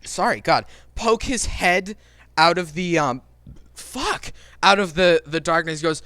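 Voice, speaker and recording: Animated, bright-voiced male game master. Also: on the high side, a little slow, no echo. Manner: rambling, animated, swears casually. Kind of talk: narrating a tabletop role-playing game. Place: home streaming setup.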